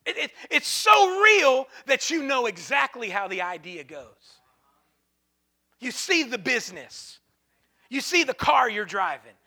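A man preaches in a church with a very high, keen and piercing voice. He swings from soft, hushed lines to sudden shouted peaks, repeating phrases for the congregation. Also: big pitch swings, measured pace. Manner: repetitive call-and-response phrasing. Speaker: pastor. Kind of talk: sermon.

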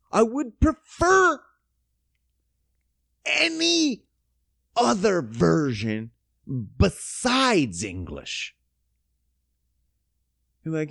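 A man hosting a podcast, ranting casually with lots of swearing and mocking, his voice jumping up and down in pitch. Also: creaky, no echo, clean studio sound. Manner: profane, animated, mocking ranting with sudden pitch jumps. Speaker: podcast host.

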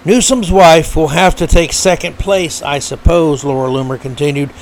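A man's voice: on the high side, normal speed. A man hosting his own podcast, giving heated, indignant political commentary with frequent fillers and restarts. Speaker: podcast host.

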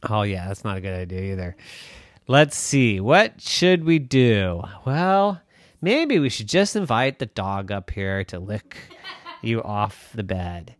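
A man's voice: on the low side, expressive, slow, dry recording, voice pushed down. A man voicing a dad in a bedtime story, exasperated yet playful with his son.

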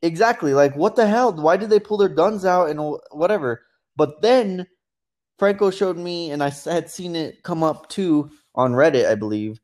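A man with a fairly high voice recounts events in a casual podcast chat. He slips into quoted voices as he tells the story. His delivery is animated and conversational. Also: moderate pace. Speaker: podcast co-host.

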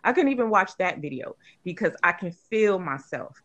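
A woman's voice: on the low side, expressive, normal speed, a bit bright. A woman co-hosting a casual podcast discussion, talking emphatically with many restarts and rising into indignant rhetorical questions. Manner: frequent restarts and fillers. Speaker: podcast co-host.

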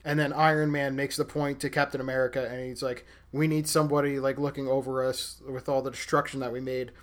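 A man's voice: medium pitch, little pitch movement, fast talker. A man co-hosting a casual movie discussion, hesitating and thinking aloud with fillers. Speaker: podcast co-host.

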